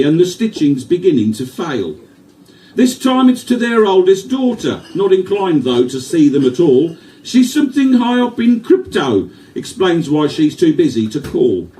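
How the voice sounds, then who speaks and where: A man's voice: high voice, warm tone, pitched above the performer's own voice. A man reading a verse story in a put-on Birmingham accent, with a lilting, rhythmic delivery. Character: Midlands man reading a tender story poem. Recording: distant mic in a live venue.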